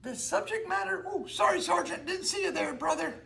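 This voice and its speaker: Shaggy, a performer doing a high goofy slacker. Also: fairly quick, creaky, pushed and bright, heavily acted. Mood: friendly. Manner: rambling, drawling, easily flustered. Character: goofy laid-back young man cartoon character, Shaggy. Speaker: puppet show host. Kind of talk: children's church puppet show.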